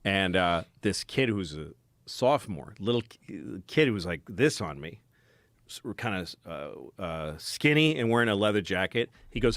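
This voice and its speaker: A man's voice: deep voice, very animated, moderate pace, fairly bright tone, no room sound. A man who is a podcast guest, telling rambling anecdotes in casual conversation.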